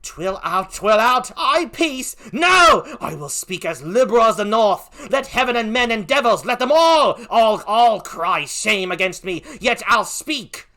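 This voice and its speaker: Loyal outspoken woman in a stage tragedy, bright and piercing, played by an older man. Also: slow. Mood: outraged. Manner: high, cries out in outrage. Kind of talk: one-man Shakespeare reading.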